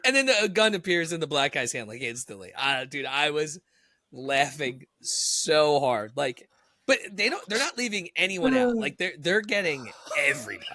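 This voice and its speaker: A man co-hosting a podcast, telling stories in an animated way, swearing and laughing often. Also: fairly high pitch, normal speed. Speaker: podcast co-host. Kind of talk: casual chat.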